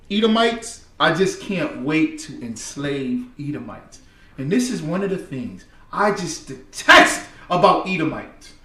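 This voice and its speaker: Man ranting over news clips, high bright voice, roomy echo, bit far off mic. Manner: emphatic, preachy. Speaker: host. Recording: echoey room, distant mic.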